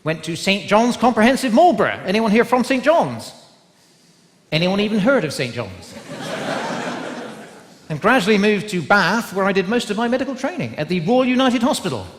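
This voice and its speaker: Lively comedian in a big theatre. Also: male voice, sits high, normal speed. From England, West Country. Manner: chatty, teasing the crowd with tag questions. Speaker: stand-up comedian. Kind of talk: stand-up comedy to a live audience. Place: large live theatre with an audience. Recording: live hall recording with crowd. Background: audience laughter.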